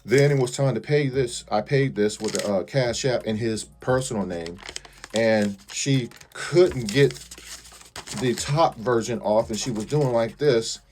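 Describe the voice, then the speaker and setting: A man's voice: mid-range voice, measured pace, a little mellow, a little hiss or hum. A man vlogging an indignant complaint to his viewers, repeating pointed questions.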